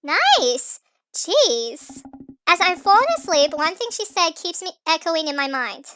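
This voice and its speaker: Brief: jokey woman gamer narrating, very high and lively, bright tone, sped-up nightcore sound. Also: measured pace, slight background noise. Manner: chatty, jokey, trips over words. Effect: sped-up, pitched-up nightcore edit. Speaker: gamer narrating a story game. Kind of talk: playthrough narration with commentary.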